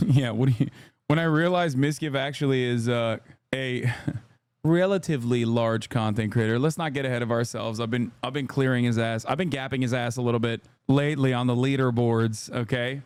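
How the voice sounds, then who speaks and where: A man's voice: medium pitch, moderate pace, darkish tone, smooth, no room sound. A man commenting on clips during a live stream, wry and joking, with profane asides.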